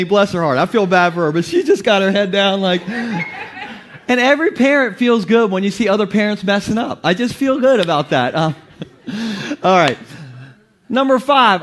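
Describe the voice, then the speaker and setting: Man, pastor, high voice, playful, laughing, sermon to a church crowd. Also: a bit bright. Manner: playful, joking, laughs often. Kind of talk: humorous sermon. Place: church basement before a congregation.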